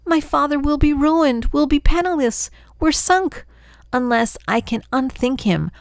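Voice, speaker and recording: A woman's voice: deep voice, wildly swooping pitch, takes it slowly, vocal fry, fairly bright tone, no echo, clean studio sound, heavily acted. An older woman voicing a frantic little girl in a storybook read-aloud, shrieking and panicky.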